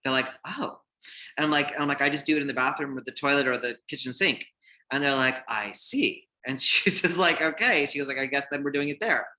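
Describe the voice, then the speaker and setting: A man in his forties telling his hairdressing career story in a casual, animated way, acting out the people he quotes, with lots of fillers. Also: mid-range voice, fast, low-quality recording.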